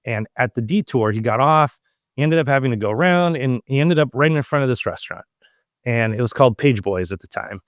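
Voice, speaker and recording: A man from Southern California hosts a podcast and tells a family story in a loose, animated way. His voice sits at a middle pitch and slips into quoted lines as he goes. The sound is dry, with no room echo. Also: fairly quick. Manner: animated, acts out quoted dialogue. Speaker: podcast host. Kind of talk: casual storytelling.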